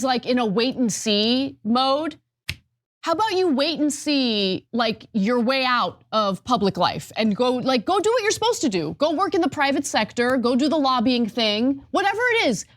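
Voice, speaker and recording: A woman in her forties co-hosting a political talk show, animated and exasperated. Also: sits high, normal speed, dry recording, clean studio sound. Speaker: show co-host. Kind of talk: heated political commentary.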